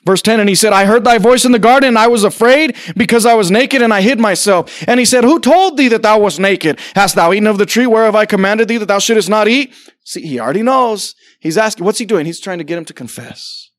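A middle-aged pastor preaches an impassioned sermon in a church sanctuary, his high-pitched voice fast and animated, often rising to near-shouts. He asks rhetorical questions and acts out dialogue. The audio is clean studio sound with no echo.

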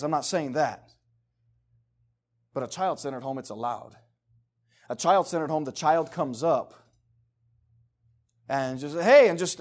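A man's voice: fairly high pitch, a little mellow. Emphatic conversational man preaching. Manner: conversational, emphatic, acts out quoted voices. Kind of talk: casual sermon.

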